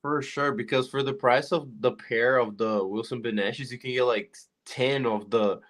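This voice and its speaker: Casting: male co-host, blunt and slangy opinions, mid-range pitch. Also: fairly even intonation, normal speed, a bit bright. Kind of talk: casual chat.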